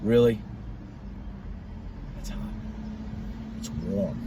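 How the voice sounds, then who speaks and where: A man's voice: on the low side, lively intonation, very slow, mellow, slight background noise, low-quality recording. A middle-aged man reviewing cigars in a blunt, profane, rambling monologue.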